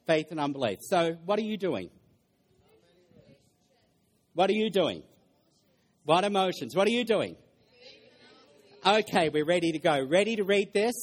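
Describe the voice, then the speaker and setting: Middle-aged guy preaching, kinda high voice, jokey, keeps quizzing the crowd. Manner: lively, jokey, questions the congregation. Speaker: pastor. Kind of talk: interactive sermon. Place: church hall.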